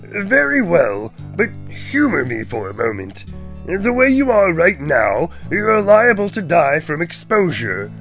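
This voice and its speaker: A man voicing a stern, ancient male frog spirit in a measured, commanding, gravelly voice, in an audiobook. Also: fairly high pitch, huge pitch swings, fairly bright tone, soft background music, voice pushed up, heavily acted. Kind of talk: audiobook character voice.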